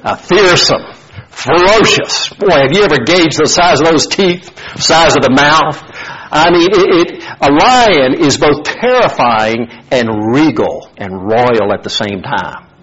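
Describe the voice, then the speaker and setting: A man, a pastor, preaching a sermon with animated, dramatic storytelling and rising emphasis. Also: fairly high pitch, slow, lo-fi sound, a little hiss or hum.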